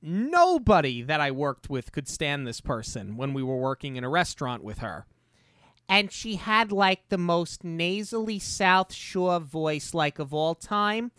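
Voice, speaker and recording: Lively New podcast co-host, dry sound. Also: medium pitch, unhurried, smooth, dry recording. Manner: animated, opinionated, rambling. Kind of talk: casual film-review chat.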